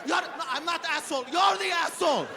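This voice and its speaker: A man voicing an angry middle-aged male shawarma shop owner who rants and yells in broken English. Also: very high-pitched, fairly quick, vocal fry, big-room sound, over a noisy crowd, very noisy, pitched above the performer's own voice. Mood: furious. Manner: yelling, broken English rant.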